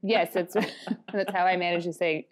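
A woman's voice: on the low side, steady tone, unhurried. Wry, giggly woman podcast co-host. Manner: wry, giggly, sarcastic asides. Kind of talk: casual chat.

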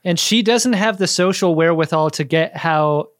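A man trading wry quips in a casual podcast chat about a show. His voice sits a little above the usual male pitch. The recording is dry and close-miked. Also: normal speed, no echo. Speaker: podcast co-host. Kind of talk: casual episode recap chat.

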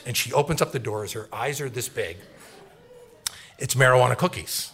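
A middle-aged man telling a personal story live on stage, animated and acting out the voices of family members. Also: mid-range voice, a little fast, slight background noise.

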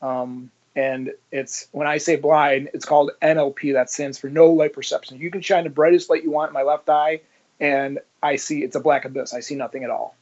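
A man's voice: a little high, normal speed. Man telling stories with lo-fi sound. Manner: animated, acts out dialogue in his stories. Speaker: interview guest, former police officer. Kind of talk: conversational storytelling.

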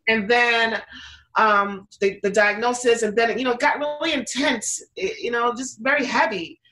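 An American woman who owns a pizza business tells her story as an interview guest, chatty and casual, full of fillers and restarts, acting out what other people said. Her fairly high voice sounds pushed and bright at a moderate pace, on a rough recording.

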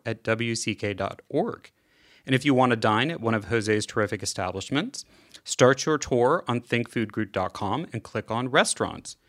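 A man hosting a podcast interview, polite, reading the closing announcements smoothly. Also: medium pitch, a bit bright. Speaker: podcast host. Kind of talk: interview and scripted outro.

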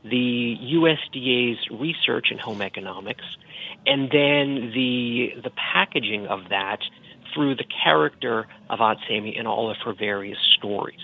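Boston-accented male guest, gravelly tone, slightly dull recording, explaining at length. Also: mid-range voice, a little slow. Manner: explanatory, many "uh" fillers. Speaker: book editor guest. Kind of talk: radio interview.

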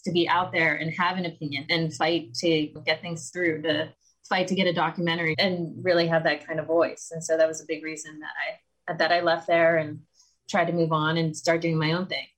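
Chatty thirties woman guest, slightly low voice, quotes herself with a wry edge. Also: a bit bright, rough recording. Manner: chatty, self-deprecating, quotes herself often. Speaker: podcast guest, communications strategist. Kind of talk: conversational interview.

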